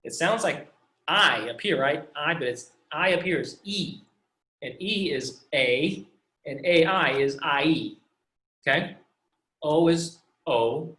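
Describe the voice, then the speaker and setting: This fairly high, bright, forceful male voice comes through a video call with a roomy sound. He leads an online language class, patiently drawing out syllables and having his students echo each sound.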